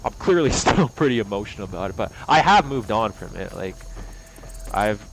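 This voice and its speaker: A man's voice: big pitch swings, moderate pace, gravelly, heavy background noise. Young man ranting angrily and profanely. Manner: heated, profane, swings between loud outbursts and low mutters. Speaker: vlogger. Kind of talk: angry personal rant to camera.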